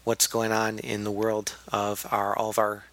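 A man's voice: fairly low pitch, monotone, unhurried, a bit bright. A man hosting a casual comedy podcast, reading listener mail aloud and laughing often. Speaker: podcast host.

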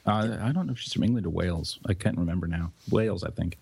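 A man on a podcast panel, calmly explaining things at length in casual chat. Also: deep voice, fast talker, creaky, slightly rough.

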